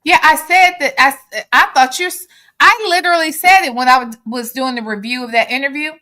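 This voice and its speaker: A woman co-hosting a casual commentary show, talking emphatically and agreeing quickly. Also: high voice, sharp tone. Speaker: show host.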